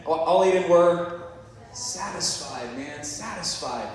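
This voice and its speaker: Joking young pastor in an echoey hall. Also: male voice, a little high, slow pace. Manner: playful, jokey storytelling with audience interaction. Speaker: youth pastor. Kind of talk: lively youth sermon. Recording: echoey hall picked up from far off.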